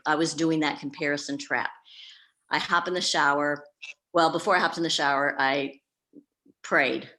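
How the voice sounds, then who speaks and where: Low-voiced woman organizer rambling through a candid story, lots of ums. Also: fairly even intonation, normal speed, sharp tone. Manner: chatty, candid storytelling with many fillers. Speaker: professional organizer. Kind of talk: casual group meeting talk.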